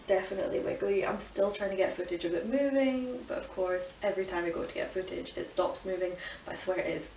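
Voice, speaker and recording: A young woman gives a chatty, emotional vlog update with a gravelly, fry-tinged voice. She is recorded by a camera set back in a bedroom, so her voice sounds roomy and distant, with a faint hiss underneath. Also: medium pitch, darkish tone. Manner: chatty, emotional, many "like" fillers. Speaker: vlogger. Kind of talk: casual pregnancy update vlog. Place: bedroom at home. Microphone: camera from some distance.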